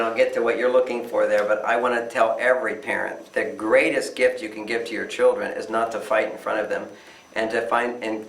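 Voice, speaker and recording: In an echoey room with a distant mic, an older man who writes about relationships answers interview questions emphatically. His voice sits on the low side and is a bit bright, and he often acts out the voices he quotes.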